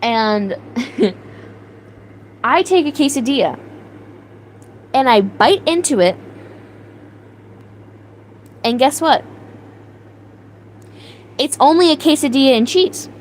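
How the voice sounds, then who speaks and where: High-voiced young woman, streamer telling a story to chat with playful mock outrage. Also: slow, pauses often, a little hiss or hum, rough recording. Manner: animated, exaggerated outrage, laughing, reads chat names aloud. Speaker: livestream host. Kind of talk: casual storytelling to live chat.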